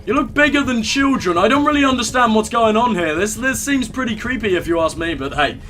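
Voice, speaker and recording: High-voiced joking young man gaming. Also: animated, a little fast, bright, forceful tone. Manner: joking, irreverent, talks to game characters. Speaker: let's play gamer. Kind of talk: casual gameplay commentary.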